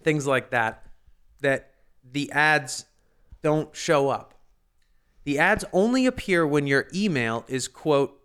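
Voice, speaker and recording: Smooth-voiced man explaining things. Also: on the high side, lively intonation, takes it slowly, a bit bright. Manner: explains topics at length, laughs easily, casual swearing. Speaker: podcast co-host. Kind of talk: casual chat.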